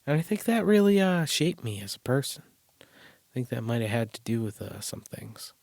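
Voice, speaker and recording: A man's voice: mid-range voice, sing-song, moderate pace, creaky, darkish tone, dry recording. A man hosting a solo podcast from a closet, talking in a rambling, crude, self-deprecating way and swearing a lot. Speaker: podcast host. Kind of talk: casual solo podcast monologue. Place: small closet.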